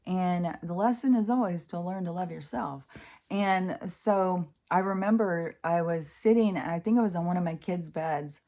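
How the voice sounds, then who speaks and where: A woman's voice: on the low side, normal speed, mellow. A middle-aged woman speaking in a rambling, conversational way, giving a casual spiritual monologue full of fillers and the odd swear word.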